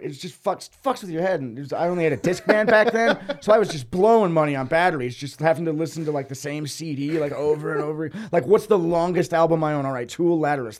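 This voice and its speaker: Profane rambling man telling stories. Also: fairly high pitch. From Boise, Idaho. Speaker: podcast guest storyteller. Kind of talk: casual storytelling chat.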